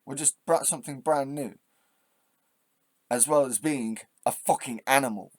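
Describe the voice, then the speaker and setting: A man hosting his own channel, delivering a passionate, swearing rant that drops to quiet musing and then flares up loud, with halting restarts when he thinks aloud. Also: medium pitch, no echo. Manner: swearing, impassioned, swings between quiet and loud. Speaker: channel host. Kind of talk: ranting vlog monologue.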